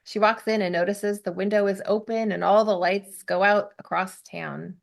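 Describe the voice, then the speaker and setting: A woman's voice: medium pitch, steady tone, normal speed, creaky. A young adult woman hosting a podcast, recapping a TV episode in casual chat with giggly asides. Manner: chatty, giggly, narrates plot with asides.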